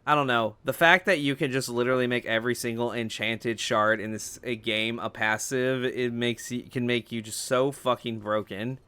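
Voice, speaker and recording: A man's voice: mid-range voice, steady tone, normal speed, few pauses, sharp tone, smooth, dry recording. A young man hosting a let's play, chatting casually over gameplay with lots of fillers and swearing. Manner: rambling, swears freely, many fillers.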